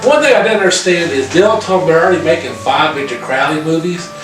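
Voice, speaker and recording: A man casually recapping a horror film's plot, profane and animated, with lots of fillers. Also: a little high, quick pace. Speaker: podcast co-host reviewing a horror film. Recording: very echoey room, far from mic, music behind.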